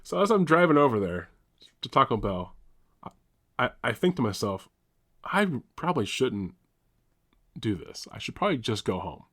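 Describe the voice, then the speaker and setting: A man's voice: medium pitch, very animated, normal speed, pauses often, fairly bright tone. A young man co-hosting a podcast, telling a long story in casual chat, rambling, restarting, swearing and laughing as he goes. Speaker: podcast co-host.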